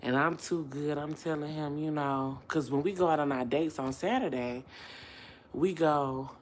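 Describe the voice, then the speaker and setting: A young woman telling a personal story straight to her viewers in a slangy, emotional way, sliding from low murmurs into loud laughing outbursts. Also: moderate pace, slight background noise. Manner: slangy, addresses viewers directly. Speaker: vlogger.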